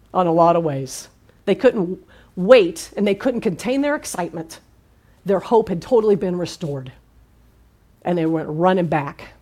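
A woman pastor giving a conversational sermon, lively and full of questions to the congregation. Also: medium pitch. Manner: lively, asks the audience questions.

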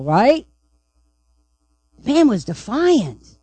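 A woman's voice: high voice, big pitch swings, unhurried, long pauses, warm tone, dry recording, low-quality recording. A woman pastor preaching a sermon, emphatic and repeatedly asking the congregation "right?".

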